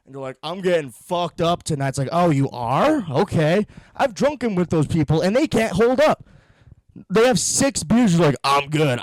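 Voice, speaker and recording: A man's voice: high-pitched, darkish tone, no room sound. A young man ranting through a profane, sarcastic comedy monologue, a little out of breath from pacing. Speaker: podcast host.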